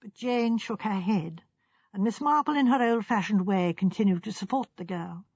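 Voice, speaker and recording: A woman reading an audiobook aloud in a measured, expressive manner. Her voice is breathy and fairly high, set in a dry, dull-sounding recording. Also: no echo. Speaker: audiobook reader. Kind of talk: scripted narration.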